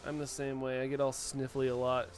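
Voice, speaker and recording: In a mid-range, monotone voice at a fairly quick pace, a US live streamer casually answers his viewers' chat aloud. Allergies leave him slightly sniffly, and a little hiss or hum is audible.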